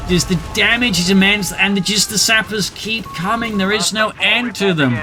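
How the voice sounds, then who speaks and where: A man casting a strategy video game, giving brisk, excitable and wry play-by-play commentary. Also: sits high, over music. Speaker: game caster. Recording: commentary over loud game battle sound. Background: gunfire and artillery.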